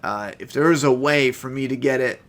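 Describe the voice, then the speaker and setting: A man's voice: mid-range voice, brisk, a bit bright. A man with a stuffed-up nose giving chatty, profane, laid-back commentary while playing a game. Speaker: gameplay streamer. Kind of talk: casual gameplay commentary.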